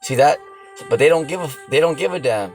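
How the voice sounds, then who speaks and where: A man's voice: fairly high pitch, animated, fast, vocal fry, darkish tone, faint music behind, rough recording. A man preaching off the cuff in a blunt, profane rant. He keeps asking the listener "see that?" and "you know?". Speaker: religious teacher.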